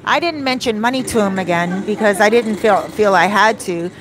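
A woman vlogger telling a story in a casual, animated way, outdoors near a beach. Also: medium pitch, moderate pace, crowd noise. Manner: animated, acts out quoted dialogue. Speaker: vlogger and life coach.

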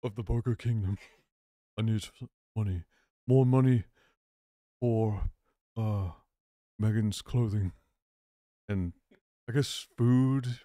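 A man's voice: on the low side, slow pace, pauses often, dark tone, dry recording. A man putting on the voice of a whiny grown royal son who hesitantly wheedles his father for money. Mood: whining. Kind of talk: mock impression in a live chat.

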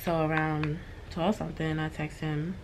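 A woman's voice: sits low, little pitch movement, moderate pace, noisy background. A woman vlogging from her hotel room, venting to her viewers in a frustrated, swearing, casual way.

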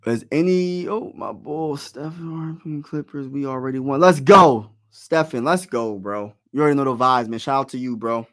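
A man calling live basketball play-by-play as a fan host, excited and partisan, dropping slang and talking straight to his chat. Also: mid-range voice, normal speed, hardly any pauses.

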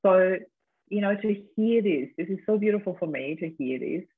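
Woman host, effusive and affirming, slightly husky, heard over a tinny call line. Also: medium pitch, animated, normal speed. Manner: warm affirmations, gushing. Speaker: interview host. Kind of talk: supportive interview chat.

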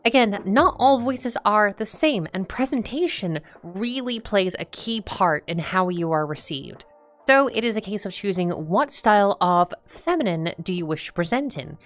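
A young adult trans woman giving a voice training lesson, explaining in a relaxed, rambling way with frequent fillers. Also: medium pitch, normal speed. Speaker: voice coach. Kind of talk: voice training tutorial.

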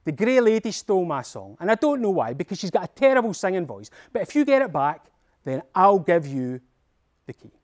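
A man's voice: sits high, very animated, brisk. A man with a Scottish accent voicing a sly female mermaid who coaxes children closer to the water. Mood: coaxing. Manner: coaxing and wheedling.

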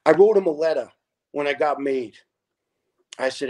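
A middle-aged man, a retired fire lieutenant guesting on a podcast, telling stories in a casual, animated way, acting out dialogue and swearing freely. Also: on the high side, moderate pace. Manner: animated, profane storyteller who acts out dialogue. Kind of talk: casual storytelling.

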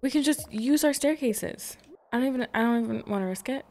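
Her voice is fairly high, fairly quick, gravelly and a little mellow as this gaming YouTuber talks through a let's-play. She's chatty and self-deprecating, with frequent exclamations, over slight background noise and faint game music.

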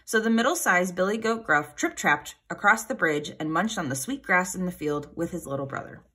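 A woman reading a children's fairy tale aloud in an expressive, animated way. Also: on the low side, brisk, husky. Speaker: storyteller.

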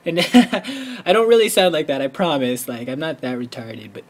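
Rambling, excitable young-sounding man. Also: brisk. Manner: rambling, excitable, heavy use of "like"; bursts into high squealing when quoting himself. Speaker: gameplay commentator. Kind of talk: casual game commentary.

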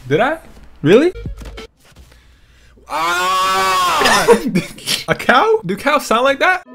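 A young man with a notably high voice talks straight to his viewers, playful and mock-offended as he reads out comments. He laughs often, and faint music plays under him. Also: wildly swooping pitch, takes it slowly. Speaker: gaming YouTuber. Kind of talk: reading comments to camera.

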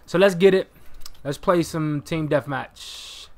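A young man talks over his gameplay in a live, loose commentary. His voice sits a little high, and he jumps from muttering to excited yelps and curses as the match goes. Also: slow pace. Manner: excitable, swears, bursts into shouts. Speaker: gaming commentator.

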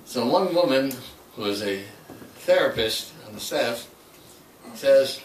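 A man's voice: mid-range voice, animated, slow pace, pauses often, slight background noise. An older man giving a public talk, telling a story and acting out the lines of the people in it. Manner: anecdotal, acts out quoted dialogue. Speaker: speaker. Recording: echoey hall from far off.

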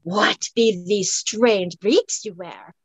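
A woman voicing a wary Highlander man from the past, speaking with a husky Scottish burr in old-fashioned speech. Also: slow, dry recording, exaggerated voice. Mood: gruff.

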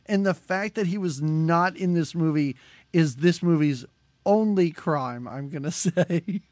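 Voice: medium pitch, unhurried, a little mellow, no room sound. Joking podcast co-host, dry sound. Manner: joking, laughs often, mocks scenes in quoted voices. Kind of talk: casual movie-review chat.

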